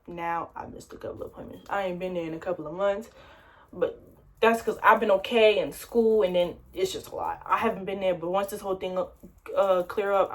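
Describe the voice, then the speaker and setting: A young woman telling a personal story to camera in a casual, slangy way. She acts out what she said, with louder, higher bursts. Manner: animated retelling, quoting herself in louder, higher bursts; slangy, conversational. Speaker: vlogger.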